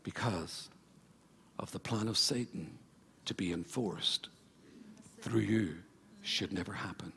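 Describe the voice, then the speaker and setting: A man's voice: sits low, slow, vocal fry, a bit bright, slight background noise. A man preaching a sermon as pastor at a church service, emphatic and full of repeated phrases. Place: church service before a congregation.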